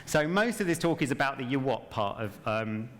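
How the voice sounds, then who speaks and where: A man's voice: mid-range voice, expressive, normal speed. A man giving a talk on stage with no notes, chatty and self-mocking, dropping wry jokes along the way. His voice sits mid-range and rings with the long reverb of a large event hall. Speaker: game narrative director giving a talk. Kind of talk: conference talk without notes.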